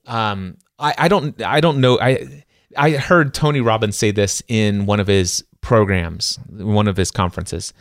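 A middle-aged man co-hosts a casual book-discussion podcast, speaking earnestly about faith and acting out his inner dialogue with emphasis. His lowish voice is smooth, recorded at studio quality with no room sound.

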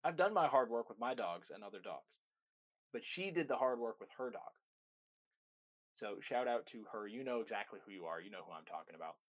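A man's voice: fairly low pitch, lively intonation, brisk. Emphatic man teaching dog training. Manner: emphatic, repeats key phrases. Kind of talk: instructional talk to camera.

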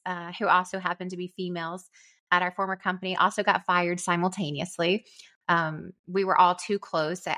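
A middle-aged woman tells a personal story as a podcast guest. She acts out the voices of the people in it, and her tone is bright and forceful. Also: lowish voice. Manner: lively storyteller, acts out quoted dialogue. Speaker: guest, company co-founder. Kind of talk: storytelling interview.

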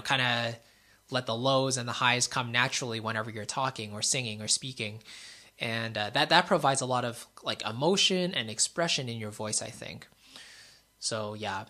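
A young man, a YouTuber and musician, giving casual speaking advice in a relaxed way, full of fillers and asking "right?" often. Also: medium pitch. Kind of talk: casual talking-head advice.

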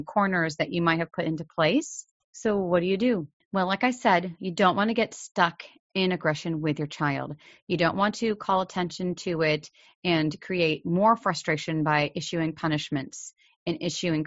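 A woman's voice: on the low side, no echo, lo-fi sound. Earnest woman hosting a parenting podcast. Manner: earnest, direct, acts out quoted child and parent voices. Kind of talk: solo podcast talk.

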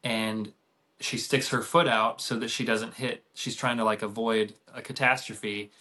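A man's voice: lowish voice, flat delivery, a little slow, pushed and bright. A middle-aged man, a podcast guest, telling a family story in a casual, rambling way with many restarts.

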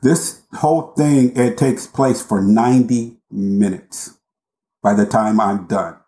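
A man recounting a personal story as a guest in an interview, speaking with intense, deliberate emphasis and dramatic pauses. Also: fairly low pitch, dark tone. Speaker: podcast guest. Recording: roomy echo.

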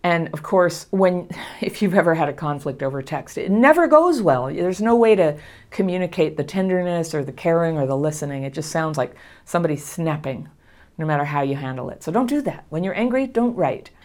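A middle-aged woman calmly and reassuringly teaching about healing from trauma, laughing softly now and then. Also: sits low, brisk. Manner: gentle, reassuring, laughs often. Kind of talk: casual spoken lesson to camera.

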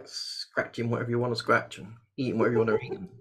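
A man hosting a webinar over a video call, chatty and joking, with sudden bursts of excitement. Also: medium pitch, quick pace. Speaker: host. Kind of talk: casual webinar chat.

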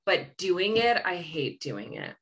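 A woman with a slightly low voice co-hosting a livestream over a video call. She speaks casually and conversationally. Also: sing-song, slow, fairly bright tone. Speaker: co-host of a business coaching livestream.

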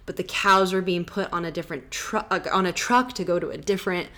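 A woman's voice: lowish voice, quick pace, fairly bright tone. A woman hosting a podcast, telling travel stories in a rambling, casual way, full of fillers. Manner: rambling, full of "like" and "you know". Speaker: podcast host.

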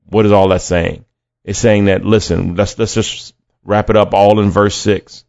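A podcast preacher with a fairly low, gravelly, slightly mellow voice teaches a conversational sermon in a level tone, a little slowly. He reads scripture, acts out quoted voices, and often repeats words. The recording is dry, dull, and lo-fi.

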